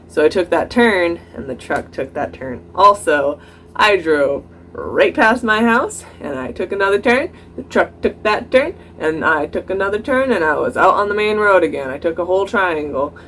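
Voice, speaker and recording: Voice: medium pitch, a little hiss or hum, poor audio. A young adult vlogger telling a personal story in a casual, chatty way, full of "like" fillers and laughing now and then. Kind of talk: casual story-time monologue.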